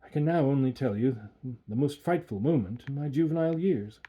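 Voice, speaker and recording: A man reading a classic horror tale aloud with an expressive, theatrical delivery. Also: medium pitch, fairly quick, highs cut off.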